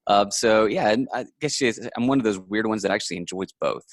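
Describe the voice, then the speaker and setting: Low-voiced man explaining finances. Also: brisk, dry recording. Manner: explanatory, steady, laughs easily. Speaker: guest, finance author. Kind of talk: conversational interview answers.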